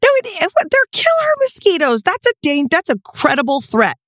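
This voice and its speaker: A woman co-hosting a podcast in casual chat, enthusiastic and bubbly, her voice jumping up high when she argues. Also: wildly swooping pitch, brisk, fairly bright tone, no room sound, clean studio sound. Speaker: podcast co-host.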